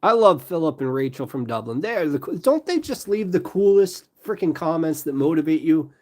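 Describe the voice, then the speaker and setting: A man's voice: fairly high pitch, big pitch swings, normal speed. A man hosting a casual livestream, chatting loosely with viewers, laughing often and wandering into rambling asides. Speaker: livestream host and storyteller.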